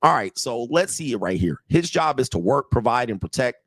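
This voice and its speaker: Male dating coach, emphatic reaction host, mid pitch, dry close sound. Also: big pitch swings, fairly quick, dry recording. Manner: emphatic, conversational, repeats himself. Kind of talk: reaction commentary.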